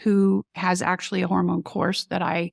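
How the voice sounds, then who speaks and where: A woman's voice: on the low side, level tone, moderate pace, vocal fry, dry recording, studio quality. A middle-aged woman, a guest doctor in an interview, telling her story animatedly and acting out quoted remarks.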